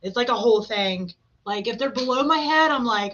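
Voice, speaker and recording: A woman in her thirties hosting a podcast, chatting casually and telling animated stories with voiced quotes. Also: fairly high pitch, moderate pace, a little hiss or hum. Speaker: podcast host. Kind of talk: casual chat. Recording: dull lo-fi sound.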